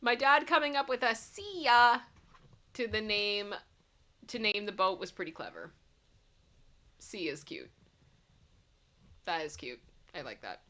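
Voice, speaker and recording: A livestream host with a Canadian accent casually chats, giggles, and reads viewer comments aloud. Her medium-pitched voice has a sharp tone and lively intonation, and she speaks unhurriedly with long pauses.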